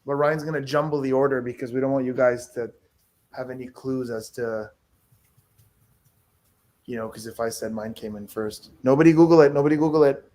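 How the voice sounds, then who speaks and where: A man's voice: mid-range voice, level tone, moderate pace, long pauses. A man on a video call hosting a party game, joking and urging the others on. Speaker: game host. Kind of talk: casual streamed chat.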